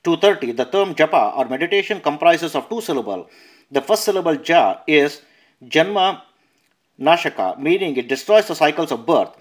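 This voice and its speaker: Man reading scripture in a measured voice. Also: a little high, lively intonation. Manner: measured reading with verse numbers and notes, some self-corrections. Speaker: narrator. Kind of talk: reading a scripture translation aloud.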